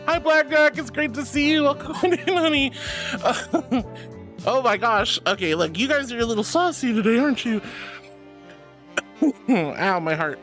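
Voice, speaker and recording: A woman's voice: on the high side, expressive, a little slow, pauses often, a bit bright, faint music behind. A woman streaming casually, greeting her chat in a bubbly, affectionate, giggly way. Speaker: VTuber streamer.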